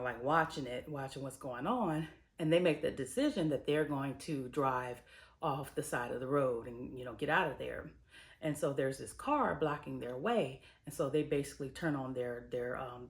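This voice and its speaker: A woman who reviews and hosts TV content recaps an episode casually and with plenty of slang, telling it as a story and acting out the characters' lines. Her voice is bass and she speaks at a normal speed. The storytelling is lively, and she slips into the characters' voices.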